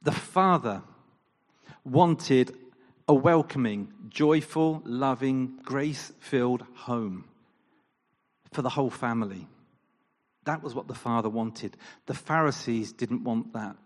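A man preaching a sermon in an animated style, firing off rhetorical questions and acting out quoted lines. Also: mid-range voice, takes it slowly, long pauses. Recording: long reverb of a large hall.

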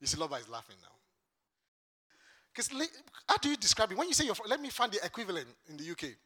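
Preacher from Lagos, man, high bright voice, impassioned repetitive sermon delivery. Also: huge pitch swings, fast talker, breathy edge. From Lagos, Nigeria.

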